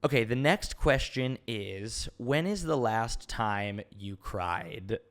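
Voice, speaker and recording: A man's voice: medium pitch, expressive, slow pace. A man in his twenties hosting a casual podcast Q&A, rambling openly with many fillers and restarts. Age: 20s. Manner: open and emotional, laughs easily. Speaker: podcast host. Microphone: podcast mic.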